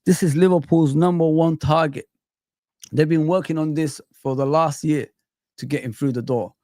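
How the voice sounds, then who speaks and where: A man hosting a casual football live stream, reacting excitedly to clips and chatting with viewers. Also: on the high side, moderate pace, no echo, studio quality.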